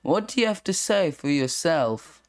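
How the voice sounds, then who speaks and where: A reader voicing a bossy, sharp-tongued older sister who scolds her little brother, in a comic strip read-aloud. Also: medium pitch, very animated, a little slow, no echo, studio quality. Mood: scolding.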